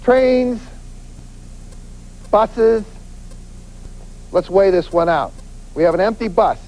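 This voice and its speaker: A male detective delivers a spirited crime-prevention lecture, slipping into quoted voices to act out scenes. His voice sits fairly high yet sounds warm and mellow, and he drives every point home with punchy repetition. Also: takes it slowly, low-quality recording. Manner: animated, acts out quoted voices, emphatic repetition. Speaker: police detective giving a safety talk.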